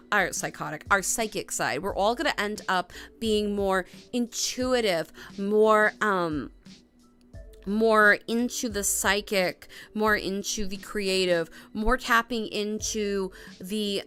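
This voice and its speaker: A woman's voice: mid-range voice, sharp tone, smooth. Chatty young woman giving a tarot livestream. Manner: rambling, chatty, with fillers and self-corrections. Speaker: tarot reader. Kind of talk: casual livestream reading.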